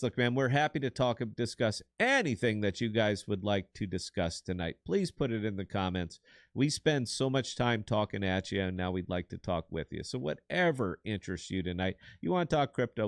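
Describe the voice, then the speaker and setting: Jokey man in his fifties, low voice. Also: no room sound, clean studio sound. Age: 50s. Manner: rambling, jokey, tells corny dad jokes. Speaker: podcast co-host. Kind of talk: casual live chat.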